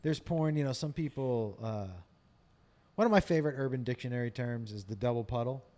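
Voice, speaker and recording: A man's voice: medium pitch, brisk. A middle-aged man chatting casually on a podcast, telling stories with frequent laughs. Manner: animated storyteller, laughs often. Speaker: comedian guest.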